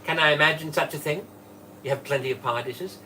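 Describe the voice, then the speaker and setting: A man's voice: fairly high pitch, brisk, sharp tone, a little hiss or hum. A man hosting a live cooking stream from his kitchen, chatting and greeting viewers by name. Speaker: livestream host and former Tupperware manager. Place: home kitchen. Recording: voice from a distance off the mic.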